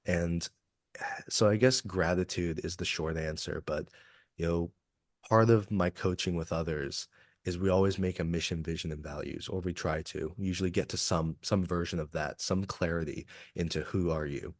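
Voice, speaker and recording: Kentucky guy, coach on a podcast, deep voice, open and reflective, dry close sound. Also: steady tone, normal speed, no room sound. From Kentucky, USA. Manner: earnest, reflective, open about feelings. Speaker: executive coach, podcast guest. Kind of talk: casual podcast interview.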